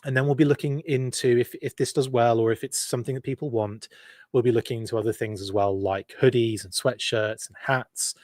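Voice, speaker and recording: A man's voice: medium pitch, steady tone, fairly quick, darkish tone, dry recording, clean studio sound. Chatty man hosting a live stream. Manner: self-deprecating, chatty, laughs often. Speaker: podcast host. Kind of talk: casual live-stream chat reading comments.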